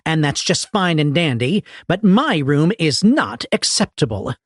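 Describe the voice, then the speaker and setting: A man plays a self-important professor who sneers and blusters, his voice pushed higher and drawn out slowly in outrage. The sound is dry and close, a little husky. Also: sing-song, no room sound, full character voice. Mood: indignant. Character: pompous, easily enraged middle-aged professor.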